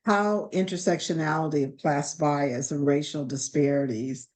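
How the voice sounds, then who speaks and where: A woman's voice: low voice, steady tone, moderate pace, darkish tone. A woman hosting a webinar interview, asking long, thoughtful, rambling questions.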